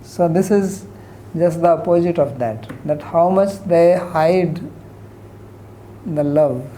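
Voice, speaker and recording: A man teaching scripture, soft-spoken, letting his voice fade at the end of phrases and lifting his pitch to act out quoted lines. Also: slow, slight background noise, poor audio. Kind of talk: lecture on scripture.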